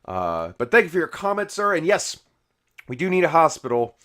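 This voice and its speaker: A man's voice: a little high, very animated, fairly quick, a bit bright. A man hosting a game video, chatting casually while he builds and answering viewer comments in a rambling way with many restarts. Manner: rambling, full of "you know" and restarts. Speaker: YouTube game host.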